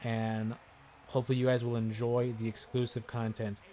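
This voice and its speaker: A man hosting a live stream, chatting casually and getting excited as he comments on a wrestling video game. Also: medium pitch, moderate pace, slight background noise. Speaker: gaming livestream host. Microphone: desk microphone with headphones listeners.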